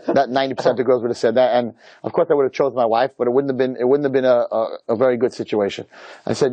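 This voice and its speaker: A rabbi telling a personal story to an audience, with animated and emphatic delivery. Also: male voice, mid-range voice, a little fast, pauses often, husky, no room sound. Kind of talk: storytelling talk.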